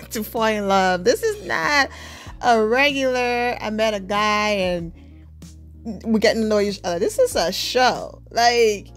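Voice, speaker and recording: High-voiced, slow-talking woman reacting live. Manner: animated, slangy, laughs often. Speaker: TV show reviewer.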